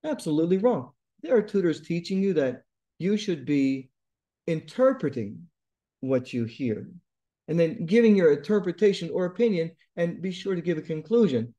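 A man's voice: fairly high pitch, mellow. A middle-aged man tutoring test-takers, giving blunt, emphatic advice and repeating his key points. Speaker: TOEFL tutor. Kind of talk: direct advice lesson to viewers.

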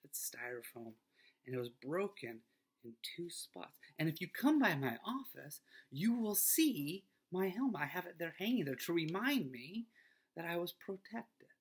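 A middle-aged man, a school pastor, giving a children's devotional talk in a gentle, earnest way that often sinks to a soft near-whisper. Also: fairly high pitch, big pitch swings, moderate pace, slightly rough.

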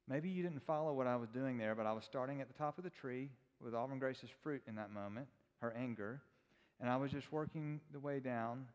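A man's voice: mid-range voice, a little fast, lo-fi sound. Man teaching in a reverberant church hall. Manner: conversational, quizzes the audience. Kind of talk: informal teaching talk with personal stories.

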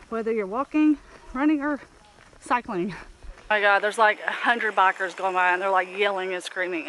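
A vlogger walks a loop along a rural park road, chatting to her camera, pointing out sights and venting casually. Her mid-range voice is bright and forceful, with a little hiss or hum and faint outdoor ambience with insects.

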